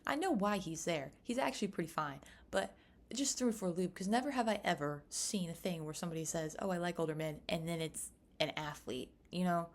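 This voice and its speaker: A young woman from the United States chatting casually to camera in a rambling, animated way. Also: fairly low pitch, brisk. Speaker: vlogger.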